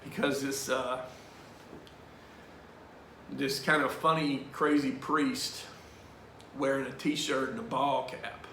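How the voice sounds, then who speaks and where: Male Bible study leader, storytelling, emphatic, bright forceful voice. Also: medium pitch, level tone, slow, pauses often, roomy sound, a little hiss or hum. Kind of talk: personal storytelling.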